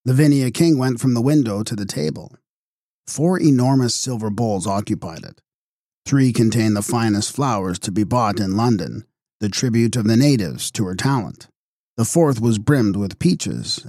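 A man reading a story aloud as narrator in a measured, wry manner. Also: mid-range voice, expressive, mellow, no room sound, clean studio sound. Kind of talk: audiobook narration.

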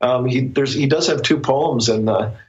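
A man who is an author, talking as a guest in a casual interview, reflective and often pausing to find his words. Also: medium pitch, darkish tone, dull audio.

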